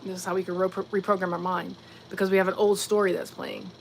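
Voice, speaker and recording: A woman's voice: on the low side, flat delivery, gravelly, a little hiss or hum. A woman from Virginia hosting a casual livestream, musing reflectively and answering viewers' comments directly. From Virginia, USA. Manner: reflective, talks straight to chat, quick asides and fillers. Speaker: livestream host.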